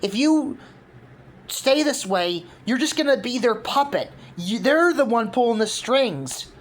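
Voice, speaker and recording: Woman putting on a high, tearful female malice spirit, angry, pleading, accusing. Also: sing-song, measured pace.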